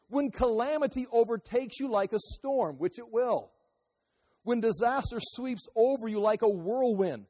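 A man preaching a sermon as a pastor, animated, swinging between loud outbursts and quiet asides. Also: high voice, in a large hall.

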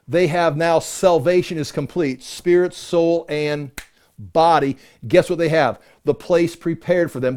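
A man's voice: fairly high pitch, mellow. A man teaching a conversational Bible-study sermon, reading verses aloud with emphasis and explaining them with rhetorical questions.

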